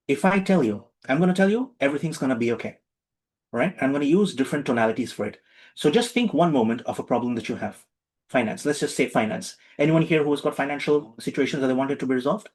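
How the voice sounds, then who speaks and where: A man giving a lively, humorous spiritual talk to a live and online audience, acting out little voices for his jokes. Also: mid-range voice, fairly quick, poor audio. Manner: playful, animated, acts out little voices for jokes.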